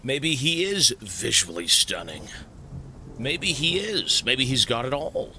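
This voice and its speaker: A man talking to his stream viewers in a bright, forceful, animated voice. He is excitable and swears freely, breaking into surprised shouts. A faint rumble sits under the home desk recording. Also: slow pace. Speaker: Twitch streamer. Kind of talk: live stream chat with viewers.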